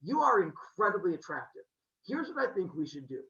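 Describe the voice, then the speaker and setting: A man's voice: high voice, big pitch swings, brisk, bright, forceful tone, lo-fi sound, heavily acted. A man playing Zeus, a smug lecherous king god. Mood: boastful. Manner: smug, creepily flirtatious. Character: boastful lecherous male king god, pushy.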